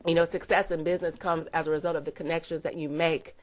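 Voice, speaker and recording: Woman, low-pitched voice, emotional, near tears, earnest, testimonial to camera. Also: flat delivery, quick pace. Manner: earnest, heartfelt, many "you know" fillers. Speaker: network marketer giving a testimonial.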